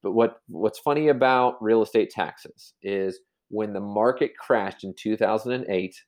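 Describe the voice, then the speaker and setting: A man's voice: fairly low pitch, unhurried, darkish tone. A man explaining real estate in a casual podcast chat, rambling with many restarts and fillers. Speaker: real estate agent guest.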